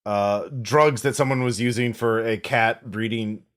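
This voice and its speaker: A man's voice: fairly low pitch, steady tone, a little slow, a bit bright, clean tone. Man musing over games on a podcast. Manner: rambling, many fillers and restarts, reflective. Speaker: podcast co-host. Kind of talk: casual chat.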